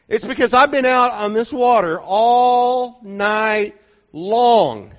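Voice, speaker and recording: A man acting out a weary, exasperated fisherman complaining after working all night, in a dull lo-fi recording. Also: very high-pitched. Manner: complaining, drawn-out and pleading.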